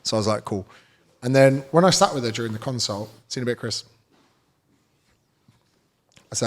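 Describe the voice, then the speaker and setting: Man, blunt, sweary, storytelling podcast guest, mid pitch. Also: fast talker. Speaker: fitness coach guest. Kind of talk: casual podcast chat.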